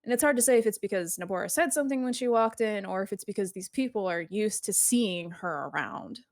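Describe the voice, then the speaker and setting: A woman's voice: mid-range voice, lively intonation, brisk. Woman narrating as game master.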